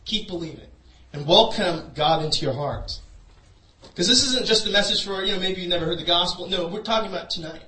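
Speaking a little fast in a high-pitched, pushed, bright voice, a male pastor shares a personal story as his sermon, casual and filled with "you know." He is heard from afar in an echoey space.

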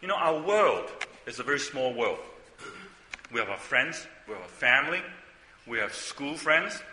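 An older man preaches in a chatty, storytelling way, tossing out rhetorical questions. His voice is bright and sharp, and it rings through a roomy hall with a long reverb. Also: medium pitch, big pitch swings, moderate pace, a little hiss or hum. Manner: conversational storytelling, frequent asides and rhetorical questions. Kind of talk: sermon.

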